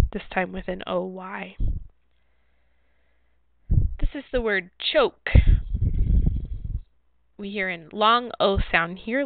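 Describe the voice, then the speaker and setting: A woman's voice: medium pitch, slight background noise. Woman teacher with a thin, phone-like sound. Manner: slow, clear, explanatory. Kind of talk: phonics word sort lesson. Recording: dry, phone-like narrow sound.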